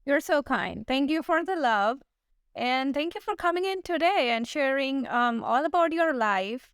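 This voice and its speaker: A woman hosting an interview podcast, asking questions hesitantly with many pauses and ums. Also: sits high, animated, no echo, studio quality. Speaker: podcast host. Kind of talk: casual interview chat.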